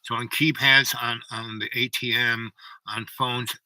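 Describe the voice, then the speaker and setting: A man's voice: medium pitch, level tone, measured pace, pushed and bright, dry recording, low-quality recording. A man telling a personal story in a rambling way, full of asides and "you know, right?".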